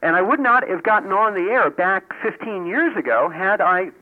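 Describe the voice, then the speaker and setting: A man from New York who talks in a Midwestern American accent, calling in to a radio talk show from his car and telling lively stories. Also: high voice, normal speed. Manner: talkative, lively storyteller. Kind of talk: call-in radio chat. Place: driving in a car. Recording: dull, muffled phone-call audio.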